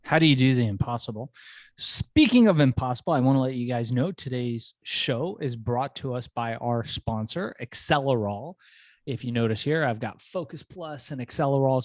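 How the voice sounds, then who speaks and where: A male podcast host in casual, upbeat chat, telling lively stories and reading a sponsor message. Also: medium pitch, no room sound, clean studio sound. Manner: upbeat, laughing, animated storyteller.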